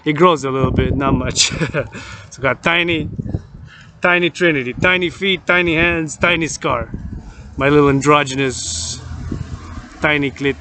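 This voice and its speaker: Vlogger, male, somewhat high voice, rambling and repetitive monologue, recorded outside with heavy traffic noise. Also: measured pace. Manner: repetitive, lists things over and over. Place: outdoors near a street with passing vehicles. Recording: loud traffic noise outdoors.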